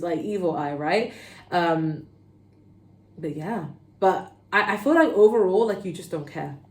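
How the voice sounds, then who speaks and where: Chatty London woman reading tarot. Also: lowish voice. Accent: London English. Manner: chatty, animated, peppered with "okay?" and "like". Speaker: tarot reader. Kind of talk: casual pick-a-card tarot reading. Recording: roomy echo.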